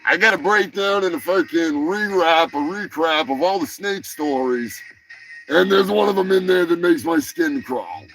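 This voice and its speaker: Gravelly crude-joking male host. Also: on the high side, lively intonation, moderate pace, fairly bright tone, soft background music. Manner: rambling, crude, profane asides. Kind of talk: casual comedy chat.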